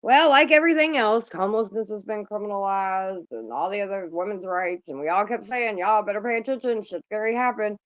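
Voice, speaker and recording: A woman's voice: mid-range voice, brisk, hardly any pauses, no echo, muffled recording. A woman hosting a casual livestream, chatting bluntly and with plenty of profanity to her viewers. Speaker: livestream host.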